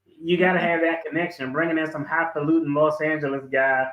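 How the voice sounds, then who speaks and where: A man with a fairly high voice tells stories in a relaxed, laughing way. He sounds like a lawyer chatting on a video call. His room carries a noticeable echo. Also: a little fast, dull audio. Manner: laid-back, chuckling storyteller. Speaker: guest lawyer. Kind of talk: casual video call chat.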